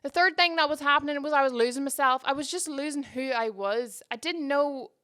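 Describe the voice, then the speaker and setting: Bright-voiced woman, candid podcast host. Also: high-pitched, brisk. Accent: Canadian with traces of Northern Irish. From Northern Ireland. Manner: candid and reflective, with frequent restarts. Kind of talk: casual podcast monologue. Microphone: close microphone.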